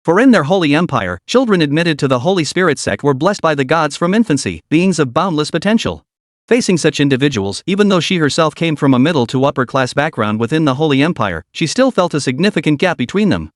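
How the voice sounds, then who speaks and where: A man narrating a fantasy story recap in a steady, dramatic storytelling manner. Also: a little high, quick pace, no room sound, studio quality.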